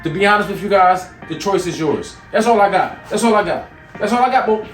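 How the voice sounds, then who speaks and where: A man from York, Pennsylvania, hosting a show and giving an energetic motivational talk with teasing banter while cooking in a home kitchen. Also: high-pitched, brisk. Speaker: motivational speaker and show host. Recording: echoey room, mic at a distance, music underneath.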